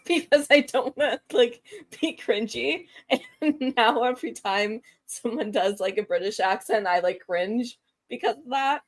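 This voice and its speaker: A woman playing in a tabletop game, chatting casually, giggly and filling her speech with "like". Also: mid-range voice. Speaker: player. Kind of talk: casual chat.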